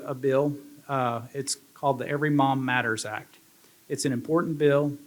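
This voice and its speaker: Earnest man giving a banquet speech. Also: mid-range voice. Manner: earnest, restarts often. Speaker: state representative.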